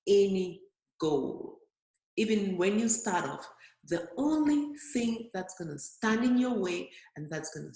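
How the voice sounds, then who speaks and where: A woman in her early fifties, a physician guest on an interview, telling stories with energy and acting out her own inner voice. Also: medium pitch. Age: early 50s. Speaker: physician and weight loss guest. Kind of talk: interview storytelling. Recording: roomy echo.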